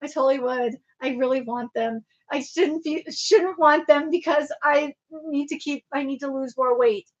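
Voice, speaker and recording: A woman's voice: high-pitched, moderate pace, few pauses, dull audio. A young woman hosting a casual livestream from her home desk on a webcam, rambling and swearing as she repeats herself. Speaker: livestream host. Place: home room with laptop at a desk.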